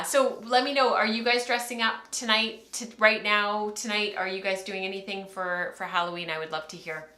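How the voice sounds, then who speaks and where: A woman's voice: medium pitch, sharp tone, echoey room. A woman in her thirties hosting a casual livestream from home, chatty and rambling, laughing often as she talks to camera. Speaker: podcast host.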